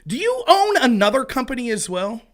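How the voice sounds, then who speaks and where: Man, podcast host, casual, self-deprecating, bright and tense voice. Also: very high voice, a little fast. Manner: animated, jokey, self-deprecating. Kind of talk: casual chat.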